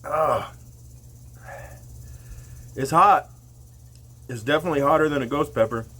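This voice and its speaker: His mouth on fire, eyes watering and nose running, a man speaks slowly in a casual vlog to the camera and lets out loud whoops. The voice is husky and on the high side.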